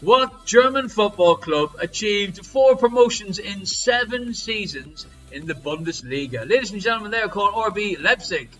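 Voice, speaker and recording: A man hosting a live-streamed online quiz from home, reading questions and answers with jokey, showy patter and sudden loud calls. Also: high voice, expressive, normal speed, few pauses, faint music behind, rough recording. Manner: jokey, showy quizmaster patter with big swings in loudness. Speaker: quiz host.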